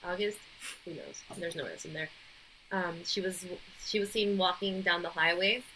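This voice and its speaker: A woman's voice: lowish voice, fairly even intonation, moderate pace, background noise. A woman co-hosting a podcast, chatting loosely and recounting a creepy story. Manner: chatty, giggly, loose with details. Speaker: podcast co-host. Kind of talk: casual chat, storytelling.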